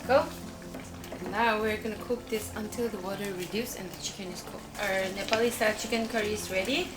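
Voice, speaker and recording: A woman's voice: medium pitch, fairly even intonation, fairly quick, noisy background. A woman from Northeast India, a food vlogger chatting casually while she cooks and eats, who often ends lines with "okay?". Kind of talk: casual cooking and mukbang chat.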